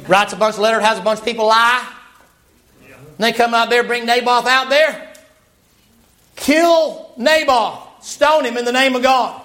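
A man preaching a sermon as a folksy, animated story, acting out the characters as he goes. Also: very high voice, a little slow.

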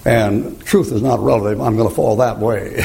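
A man's voice: lowish voice, steady tone, normal speed, gravelly, a little mellow, low-quality recording. A man, preaching a folksy, joking sermon and laughing at his own stories.

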